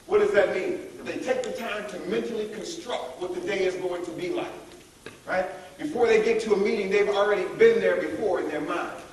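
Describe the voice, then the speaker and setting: High-voiced man in an echoey hall. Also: fairly quick, distant mic, a little hiss or hum. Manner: energetic, calls on the audience to join in. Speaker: leadership workshop speaker. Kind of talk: motivational workshop talk. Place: large echoey room at a college event. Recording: echoey room, voice heard from afar.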